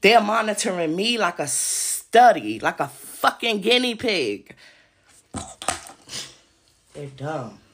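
A woman with a low, gravelly voice rants through a casual podcast monologue. She speaks straight to her listeners, swearing often and sounding worked up. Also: a little hiss or hum. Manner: agitated and profane, addressing listeners directly. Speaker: podcast host.

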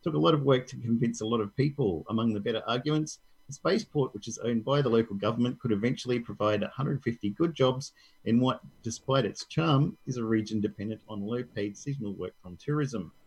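A man's voice: medium pitch, fairly quick, a little mellow, husky, poor audio. A man co-hosting a casual tech news podcast, reading articles aloud and joking with his co-host.

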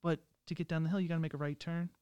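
Man, casual storytelling, animated with laughs, dry close mic. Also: fairly high pitch, racing, clean tone, no echo, muffled recording. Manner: animated, laughs while telling stories. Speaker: podcast co-host.

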